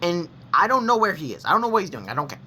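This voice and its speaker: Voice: medium pitch, big pitch swings, very fast, pushed and bright, breathy edge. A young adult gaming vlogger telling personal stories to the camera, rambling and blunt, with frequent restarts and self-corrections and casual swearing. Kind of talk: candid personal storytelling to camera.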